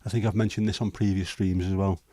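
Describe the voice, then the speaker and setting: Mellow low-voiced Liverpool man. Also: flat delivery, quick pace, dry recording. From Liverpool, England. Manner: rambling, hesitant with many ums, mildly sweary banter. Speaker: livestream host. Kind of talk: casual chat answering viewer comments.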